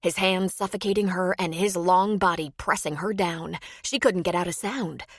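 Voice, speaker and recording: A woman narrating a romance audiobook in measured scripted storytelling. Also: on the low side, no echo, studio quality.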